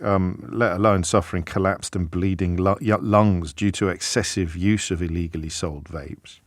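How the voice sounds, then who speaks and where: A British radio phone-in host, a middle-aged man, speaking in a wry, conversational way. His voice sits low and the studio sound is dry and close. He often stumbles and restarts his sentences. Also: dry recording. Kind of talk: talk radio monologue. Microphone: close studio mic.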